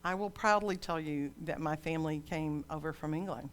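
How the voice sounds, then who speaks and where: A woman's voice: sits low, moderate pace. An older woman pastor delivering a sermon in a dramatic storytelling manner.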